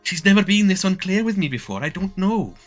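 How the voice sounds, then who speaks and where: A man's voice: high-pitched, very animated, fairly quick, faint music behind, voice pushed up. A man doing a fretful Welsh woman mayor. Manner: fretful, hesitant, stammering. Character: anxious, indecisive woman mayor.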